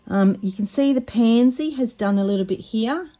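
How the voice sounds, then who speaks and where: A woman, chatting casually and excitedly while showing a craft project, often stumbling over her words. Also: a little high, normal speed. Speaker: craft vlogger.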